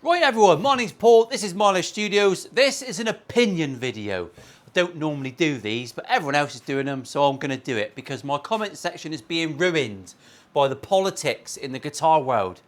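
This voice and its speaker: A man's voice: fairly high pitch, animated, brisk. A man, a guitar maker and channel host, ranting bluntly and profanely in a casual opinion vlog from his workshop.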